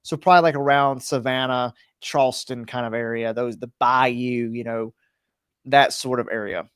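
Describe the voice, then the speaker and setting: A man co-hosting a casual paranormal podcast, building up a story with dramatic pauses and lots of "you know". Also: medium pitch, steady tone, a bit bright, clean tone, no room sound, studio quality. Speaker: podcast co-host.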